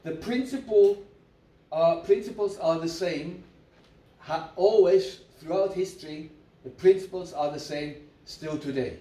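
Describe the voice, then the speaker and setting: Slow, high-pitched preacher man, echoey. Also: warm tone. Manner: repetitive, emphatic, leads call-and-response. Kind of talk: sermon. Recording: echoey room, mic at a distance.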